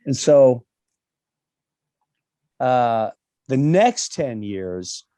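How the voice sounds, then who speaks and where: A middle-aged man telling stories in a casual interview over a video call, animated and acting out the people he quotes. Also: mid-range voice, extremely slow, no room sound. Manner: animated storytelling, acts out quoted voices. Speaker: comedian interview guest.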